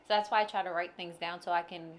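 A woman's voice: lowish voice, fairly even intonation, quick pace. A woman co-hosting a casual chat, asking probing questions and pushing back when things don't add up. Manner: probing, challenging, pushes back. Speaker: co-host, interviewer.

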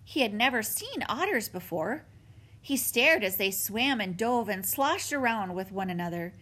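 A woman's voice: mid-range voice, moderate pace, slightly rough. Woman reading a children's story. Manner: expressive, storytelling. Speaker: audiobook narrator.

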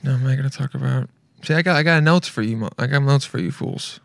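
Loud, excitable man hosting a podcast. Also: medium pitch, quick pace, creaky, dry recording. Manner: loud, excitable, swearing, rambling. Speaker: podcast host. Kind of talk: casual solo podcast chat.

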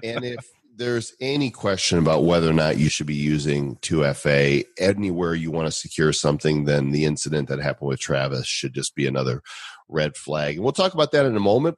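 A man's voice: extremely low pitch, expressive, moderate pace, no room sound. A man co-hosting a casual podcast, joking and self-deprecating as he talks. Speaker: podcast co-host.

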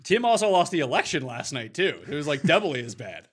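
A man's voice: on the high side, very animated, fairly quick, slightly rough. A man hosting a casual sports podcast who teases and questions his co-host like a mock therapist.

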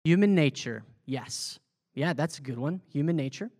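A man with a fairly high voice leads a group Bible study, talking loosely with fillers and restarts. He keeps checking in with his listeners, asking questions and echoing what they say. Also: lively intonation, moderate pace, darkish tone. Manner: conversational, asks the group questions and repeats their answers. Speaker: pastor leading a Bible study. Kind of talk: interactive sermon teaching.

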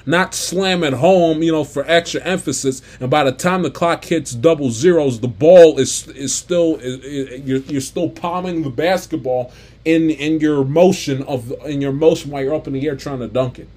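Fired up guy ranting about a basketball game, voice a bit high, keeps restarting sentences. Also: moderate pace, darkish tone. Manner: exasperated, many restarts and repeats. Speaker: sports commentator. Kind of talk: unscripted basketball rant.

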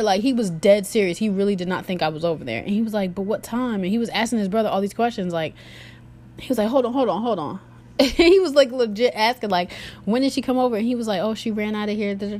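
A young woman chats with her audience about a personal experience, her delivery lively and loaded with filler words. She shifts to a deeper tone to quote other people, and a faint hiss or hum sits under the recording.

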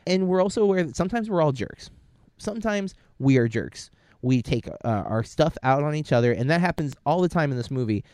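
Animated, sarcastic young man chatting. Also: a little high, fairly quick, no echo, clean studio sound. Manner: animated, sarcastic, acts out quotes. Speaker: co-host reviewing a movie; teacher. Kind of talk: casual chat.

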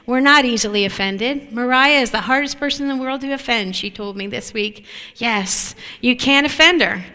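A woman preaching a sermon in an animated way, often asking the listeners whether they agree. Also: fairly high pitch, normal speed, clean tone. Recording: long hall reverb.

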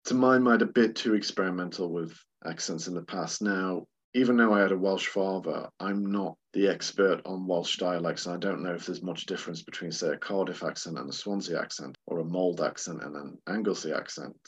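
A man's voice: low-pitched, fairly quick, few pauses, breathy edge. A man co-hosting a podcast, talking about films in a chatty, rambling way and laughing often. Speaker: podcast co-host. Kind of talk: casual film discussion. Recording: slightly dull lo-fi sound.

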